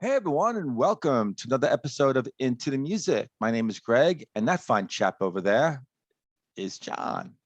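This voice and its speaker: A man's voice: mid-range voice, sing-song, moderate pace, lo-fi sound. A man in his fifties co-hosting a music reaction show, chatting casually, teasing his partner and laughing often. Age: 50s. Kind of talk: casual chat.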